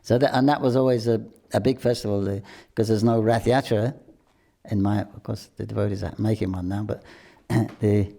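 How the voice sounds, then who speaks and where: An older man casually telling devotional stories, halting often with restarts, throat clearing and chuckles. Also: fairly low pitch, steady tone, warm tone. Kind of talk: casual storytelling talk.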